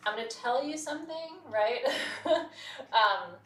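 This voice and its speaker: A woman's voice: fairly high pitch, animated, unhurried, fairly bright tone. Chatty woman host, roomy sound. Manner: candid, chatty, laughs often. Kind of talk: casual chat on a live shopping stream. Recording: roomy, distant mic.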